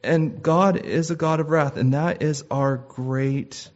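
A man preaching a sermon in a measured, earnest way, with frequent "uh" restarts. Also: on the high side, fairly even intonation, darkish tone. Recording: slightly dull lo-fi sound.

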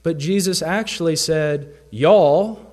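A man with a Southern American accent preaches a sermon. He leans on rhetorical questions and emphatic repetition, and his voice sits at a middle pitch for a man. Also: measured pace. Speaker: pastor.

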